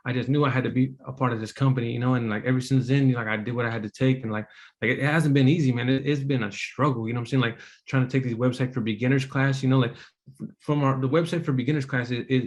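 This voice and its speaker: A man telling his personal story to a meeting audience in a casual, rambling way, full of fillers and restarts, earnest and emotional. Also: medium pitch. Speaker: apprentice speaker at a business meeting.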